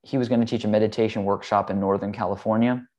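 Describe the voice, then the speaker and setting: A man with a somewhat low voice speaks in an easy, conversational way. He explains meditation earnestly and moves into a personal story. He talks freely and drops in casual fillers like "um" and "like". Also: fast talker, highs cut off. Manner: earnest, relaxed, with "like" and "um".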